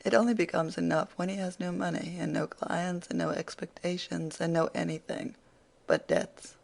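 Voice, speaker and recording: Reader doing a spirited young woman teasing her dad, gravelly tone, audiobook. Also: mid-range voice, steady tone, normal speed. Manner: playful, emphatic scolding.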